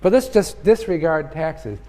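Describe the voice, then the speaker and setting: A man's voice: fairly high pitch, very animated, unhurried, warm tone. An older man giving a university lecture in a conversational way, thinking aloud with frequent fillers and restarts. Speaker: economics professor. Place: large lecture hall. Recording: lecture hall with long reverb.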